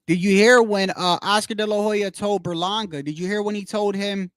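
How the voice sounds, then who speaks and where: A man hosting a casual livestream, rambling in a slangy, animated way and repeating himself as he tells stories. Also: sits high, normal speed, smooth, dry recording, clean studio sound. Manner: slangy, rambling, keeps saying "bro". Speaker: livestream host. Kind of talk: casual livestream boxing chat.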